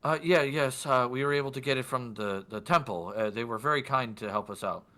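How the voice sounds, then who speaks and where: A man's voice: medium pitch, a little fast, pushed and bright, close to an everyday voice. A man voicing a nervous woman of the house who stammers and hesitates.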